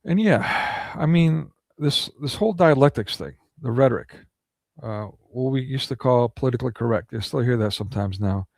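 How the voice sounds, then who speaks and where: A man rants through a commentary monologue, firing off indignant rhetorical questions. His mid-pitched voice is gravelly. The recording is close and dry, with no room sound. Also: lively intonation, moderate pace, dry recording. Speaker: political commentary vlogger.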